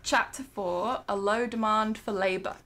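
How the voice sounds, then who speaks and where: A woman's voice: medium pitch, fairly even intonation, measured pace, a bit bright. A young adult woman on a home livestream, chatting casually with lots of ums and restarts, then reading a nonfiction book aloud into a desk mic. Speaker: streamer. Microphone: desk microphone.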